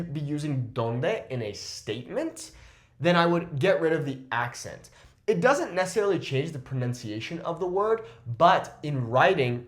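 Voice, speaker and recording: A man teaching a language lesson, slowly repeating phrases and often checking in with "okay?". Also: a little high. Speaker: Spanish teacher. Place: Mexico.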